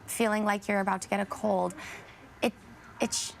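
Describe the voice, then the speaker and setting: Earnest young woman with a gravelly edge. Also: mid-range voice, steady tone, moderate pace, slight background noise. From Canada. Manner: earnest, fond, hesitant restarts. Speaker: actress and guest. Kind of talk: TV interview.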